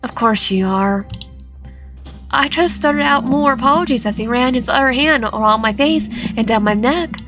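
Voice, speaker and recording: A young woman with a high voice reads a horror visual novel aloud, putting drama into the narration and tripping over words as she goes. She breaks off into casual commentary between passages, and faint game music plays behind her. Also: fairly quick, hardly any pauses. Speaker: gaming channel host.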